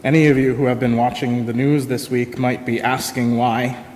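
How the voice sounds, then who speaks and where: A man giving a sermon as minister, in a slow, reflective, pausing storytelling manner. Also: mid-range voice, little pitch movement, a little mellow, slight background noise. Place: church sanctuary. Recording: long reverb of a church sanctuary.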